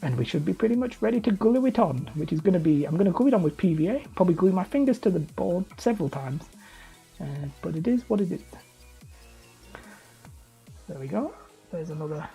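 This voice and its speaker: Hobby streamer, woman, Wigan-area accent, mellow and low, chatty self-deprecating crafting talk. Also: lively intonation, fairly quick, gravelly, long pauses, slightly rough, soft background music. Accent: Wigan area, Lancashire. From Leigh, near Wigan, England. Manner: chatty, self-mocking, rambling. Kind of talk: casual live-stream chat while crafting.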